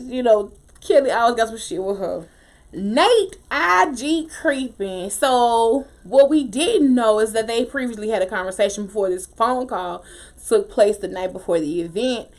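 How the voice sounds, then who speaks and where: A woman casually recapping a TV episode, opinionated and animated, with slangy talk and frequent laughter. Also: fairly high pitch. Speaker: TV show recap host.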